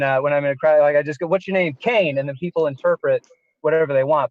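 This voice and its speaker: A man's voice: fairly high pitch, no room sound, dull audio. A man performing a self-deprecating stand-up set, laughing at his own story now and then. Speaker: stand-up comedian.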